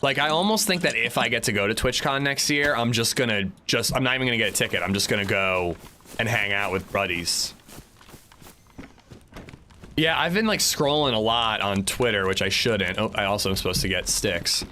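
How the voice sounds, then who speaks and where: His fairly low voice is expressive, pushed and bright as he rambles casually at a moderate pace during a survival game livestream. The young man restarts often and leans on fillers, and there's slight background noise.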